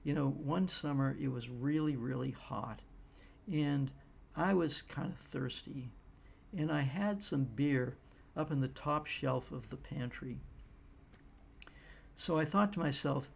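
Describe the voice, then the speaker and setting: A man's voice: medium pitch, takes it slowly, gravelly, long pauses, breathy edge. An American man, middle-aged, giving a rambling casual political monologue full of fillers and restarts. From United States. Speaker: political commentator.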